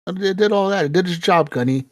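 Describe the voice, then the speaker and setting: A man's voice: high voice, a little fast, dry recording, clean studio sound. A man co-hosting a podcast, telling a story casually with lots of swearing and laughter, acting out quotes. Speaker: podcast co-host.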